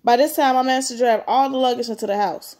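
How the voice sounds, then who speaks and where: A woman's voice: sits high, steady tone, fast talker, a little mellow. A woman reading a story aloud, breaking off for blunt, slangy comments of her own. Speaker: story reader.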